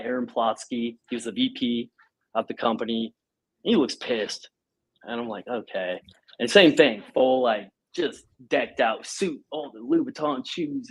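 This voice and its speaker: Guest in his 30s, husky mid-pitched man, animated storyteller who acts out the dialogue. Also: normal speed, poor audio. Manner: animated, acts out quoted speech, laughs often. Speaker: podcast guest, company president. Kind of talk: casual storytelling.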